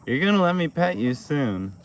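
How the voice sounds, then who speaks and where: A farm owner chatting casually on a live stream while feeding animals in an outdoor pasture, coaxing them gently. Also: medium pitch, big pitch swings, normal speed, slight background noise. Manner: coaxing, soft-spoken with the animals. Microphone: phone live stream.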